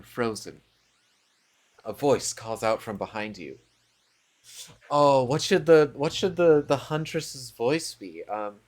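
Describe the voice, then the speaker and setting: Slow, lively-voiced man streaming a game. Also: mid-range voice. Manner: playful, self-mocking, quick to laugh. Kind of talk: reading a dating game aloud while chatting.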